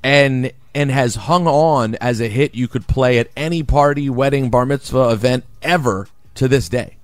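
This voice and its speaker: Morning radio co-host, male, emphatic and animated, dry close mic. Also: medium pitch, no room sound. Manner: animated, emphatic, quick bursts.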